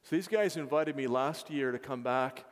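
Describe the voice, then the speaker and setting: Man, mission leader, earnest testimony, halting restarts, medium pitch, long hall reverb. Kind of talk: testimony to a congregation.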